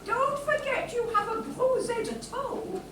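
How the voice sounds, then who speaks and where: A woman's voice: very high voice, takes it slowly. A woman performing in an amateur panto comedy in a theatrical, mock-grand way. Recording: echoey room, far from mic, noisy.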